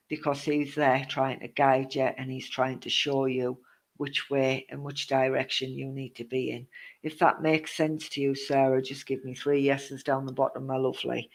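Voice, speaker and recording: A man's voice: medium pitch, level tone, normal speed. A man giving a live-streamed psychic reading, reassuring the viewer with endearments and greeting others as they join. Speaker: psychic medium.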